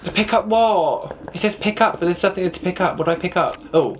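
A man's voice: high voice, brisk, a little hiss or hum. A man hosting a horror game playthrough, jumpy and nervous, swearing often and breaking into shrieks and laughter. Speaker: gaming video host.

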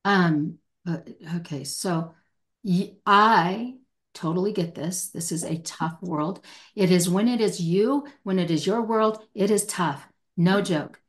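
A middle-aged woman, a hostage negotiator appearing as a podcast guest, gives an emphatic interview answer. Her voice is lowish and she speaks slowly, answering with passion and acting out the speech she quotes.

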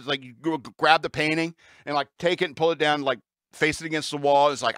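A man hosting a comedic talk-radio show, telling a rambling, incredulous story with animated asides. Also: a little high, fast talker, no room sound.

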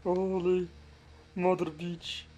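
A man putting on a fake Russian accent to play a crude, excitable commentator called Vladimir, swearing and laughing over a game. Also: high voice, slow pace. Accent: put-on Russian accent. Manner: swears a lot, laughs and yelps at crashes. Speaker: gameplay commentator. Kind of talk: comic game commentary in character.

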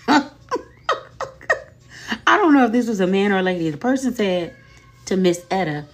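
A woman's voice: mid-range voice, expressive, unhurried, long pauses, darkish tone. Chatty woman retelling online drama. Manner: chatty, laughing, repeats "okay?" and "y'all". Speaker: commentary host. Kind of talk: casual commentary on social media drama.

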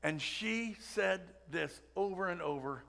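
A man's voice: high voice, lively intonation, measured pace, creaky, a bit bright. A man preaching a Sunday sermon in a church, chatty and full of asides and jokes. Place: church sanctuary.

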